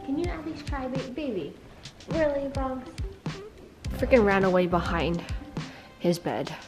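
A woman's voice: on the high side, measured pace, music in the background. A young woman vlogging at home, coaxing her dog in baby talk and chatting to viewers. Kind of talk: casual vlog, talking to her dog.

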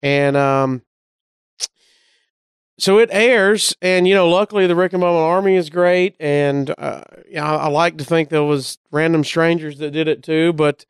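A man from Alabama with a Southern drawl spins a story in casual talk, slipping in quick voices for the people in it. His voice is very smooth and clear, sitting a little high, and the sound is dry and close. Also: no echo. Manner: animated anecdotes, acting out the voices of people in the story. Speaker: comedian guest.

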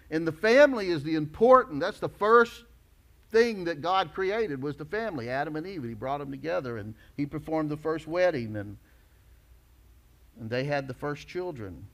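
A male pastor preaching a sermon emphatically, rising to loud declarations and dropping low.

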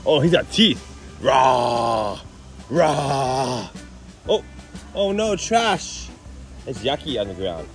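A man's voice: on the high side, wildly swooping pitch, unhurried. A man vlogging a shopping trip with his toddler, talking in a playful sing-song baby-talk way and laughing often, inside a big warehouse store. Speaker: vlogger dad. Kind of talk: casual family vlog chat. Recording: background music under the voice.

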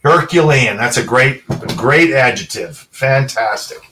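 Storytelling former football player, off-mic. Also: male voice, medium pitch, measured pace, recorded from a distance, a little hiss or hum. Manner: animated storyteller, acts out quoted dialogue. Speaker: interview guest, former pro football player. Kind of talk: casual storytelling.

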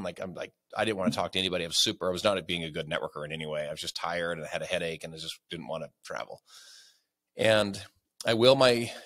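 A man's voice: low-pitched, a bit bright. A man as a podcast guest, telling a story with energy and closing with a motivational speech. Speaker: guest, sales leader.

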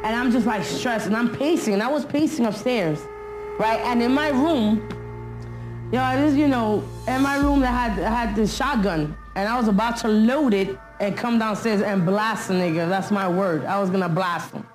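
A woman's voice: a little high, moderate pace, soft background music. Young woman, slangy, rambling documentary interviewee. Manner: street slang, loose storytelling.

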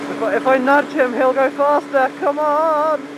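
A British man vlogging while riding a motorbike, shouting over the wind and joking as he urges his bike faster. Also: extremely high pitch, fairly even intonation. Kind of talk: casual chat while riding. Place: outdoors, riding a motorbike on a dual carriageway. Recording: loud wind and traffic noise.

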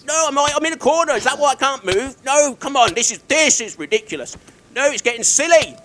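A man's voice: very high voice, lively intonation, a little fast, bright, forceful tone. An Englishman giving let's-play commentary on his own gaming, self-mocking and exasperated, often chuckling as he talks into a desk microphone. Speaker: gaming video creator.

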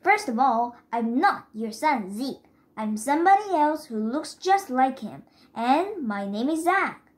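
A woman's voice: high-pitched, very animated, unhurried. A woman reading the lines of an earnest, polite young boy in a storybook. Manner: polite, pleading, says sir.

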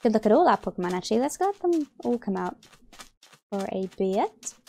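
A young woman commenting on her own game play, excitable and gasping, rambling as she plays. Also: medium pitch, a little fast, gravelly. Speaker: gaming YouTuber.

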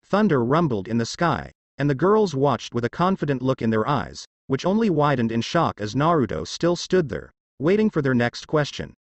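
A man narrating a fanfiction story in a steady, expressive scripted reading. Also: mid-range voice, normal speed, hardly any pauses, no room sound, lo-fi sound.

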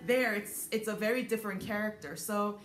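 A woman's voice: medium pitch, fairly even intonation, a little fast. A woman concert pianist teaching a piano lesson, thoughtful and full of small ums, sometimes singing rhythms. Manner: thoughtful, many ums, sings rhythms aloud. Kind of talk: piano masterclass explanation. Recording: roomy echo with piano playing.

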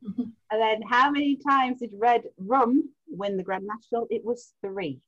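A woman's voice: fairly high pitch, measured pace, a bit bright. A woman hosting a quiz night on a video call, reading out answers in a chatty way and laughing easily. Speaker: quiz host. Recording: muffled lo-fi video call audio.

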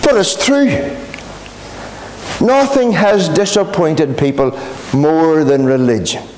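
A man's voice: fairly high pitch, takes it slowly, darkish tone, slight background noise. A Northern Irish pastor preaching an emphatic, repetitive gospel sermon in a gospel hall, calling his listeners friends.

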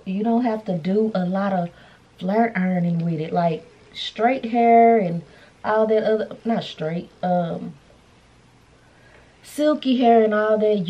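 A woman's voice: medium pitch, mellow, dull audio. A woman vlogger chatting casually and playfully to her viewers while styling a wig. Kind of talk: casual beauty vlog chat. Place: indoors, hotel room.

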